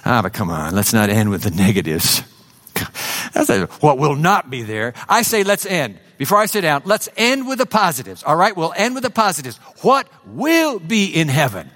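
Guy preaching in church, kinda high voice, gets loud then goes soft and quiet. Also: sing-song, moderate pace. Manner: emphatic preacher, swings from loud to hushed. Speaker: pastor. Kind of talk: sermon.

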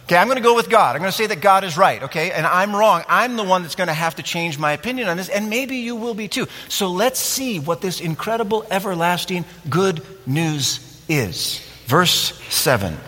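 A man preaching a sermon in an animated way, acting out scenes and asking his listeners questions. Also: sits high, moderate pace, hardly any pauses, in a large hall. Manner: animated, acts out scenes and asks the audience questions. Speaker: pastor.

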